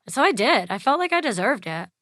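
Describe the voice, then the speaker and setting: A woman's voice: fairly high pitch, very animated, fast, fairly bright tone, dry recording, studio quality. A woman in her thirties telling a personal story in an interview, chatty, full of "like", acting out the people she quotes. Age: 30s. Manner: chatty, fills with "like", acts out quoted voices. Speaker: interview guest.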